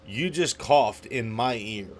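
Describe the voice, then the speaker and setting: A man's voice: mid-range voice, expressive, slow pace. Wry offhand young guy. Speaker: podcast co-host. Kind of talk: casual podcast chat.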